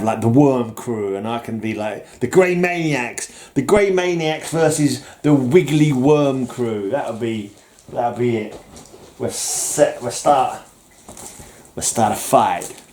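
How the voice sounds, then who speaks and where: With a lowish, slightly mellow voice and a little background noise, a man rambles on about his comic collection in a casual vlog chat. His humor is self-mocking, delivered with jokey mock-villain bluster.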